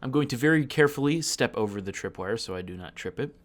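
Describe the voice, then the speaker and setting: A man with a medium-pitched voice plays a tabletop game, asking questions and thinking aloud. He stumbles and repeats words as he works things out. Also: animated, fast. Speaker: player.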